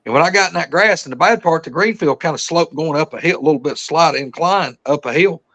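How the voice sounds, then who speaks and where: A man, telling a story as a podcast guest in an excited, rambling way full of fillers. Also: on the high side, fairly quick. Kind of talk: casual storytelling.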